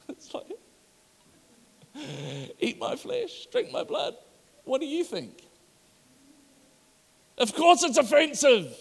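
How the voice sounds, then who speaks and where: Animated male preacher in reverberant hall. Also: high voice. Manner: animated, acts out voices of the crowd. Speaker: pastor. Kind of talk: sermon.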